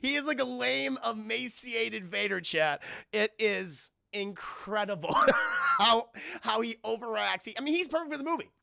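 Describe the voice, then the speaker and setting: Excitable, swearing man recapping a film. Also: extremely high pitch, moderate pace, creaky, no room sound, clean studio sound. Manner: excitable, swearing, constantly addresses chat. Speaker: film reviewer streaming to chat. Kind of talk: casual spoken film recap.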